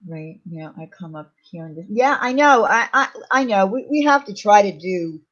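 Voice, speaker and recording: A woman's voice: mid-range voice, lively intonation, moderate pace, a bit bright. A woman co-hosts a casual livestream, teasing and backing up her friend. Her voice sits mid-range. The audio is dull and lo-fi. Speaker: livestream co-host.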